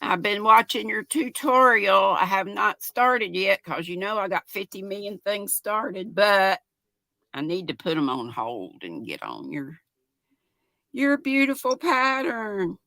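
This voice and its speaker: Afrikaans-accent lady, bright crisp voice, dry close sound, showing off her crafts. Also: medium pitch, very animated, measured pace, no echo. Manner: enthusiastic show-and-tell. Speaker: co-host. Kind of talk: casual chat.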